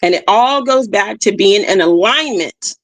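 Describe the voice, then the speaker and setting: Speaking through a streaming mic with no echo, this livestream host has a mid-range, animated voice and a slightly slow pace. She offers motivational reflections, circling back to key phrases, checking on her audience often and warmly addressing them as "y'all."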